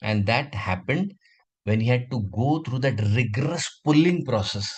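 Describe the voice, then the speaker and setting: A man teaching a children's class, telling a moral animal fable in an animated way with drawn-out pauses. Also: medium pitch, slightly rough, rough recording. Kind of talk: storytelling for a kids' class.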